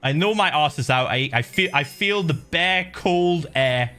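A man streaming, telling a story in an animated way, swearing and laughing freely. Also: fairly high pitch, a little slow, music in the background. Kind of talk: animated storytelling to a live chat.

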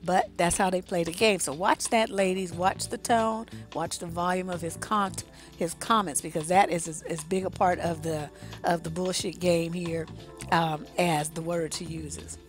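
A woman's voice: fairly low pitch, fairly even intonation, normal speed, faint music behind. Blunt, profane woman relationship coach. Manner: conversational, addresses the audience directly. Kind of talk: casual advice monologue.

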